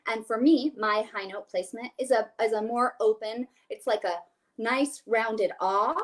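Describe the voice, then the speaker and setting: A woman's voice: on the high side, normal speed. A woman, a soprano, giving a vocal coaching session over a video call. She explains each exercise and then sings it, with a light, joking touch.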